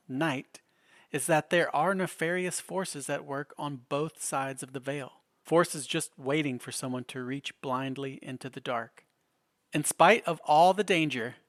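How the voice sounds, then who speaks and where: A male podcast host giving measured, musing scripted narration with a slightly ominous tone. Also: a little high, a bit bright, no room sound. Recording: dry close voice over faint guitar.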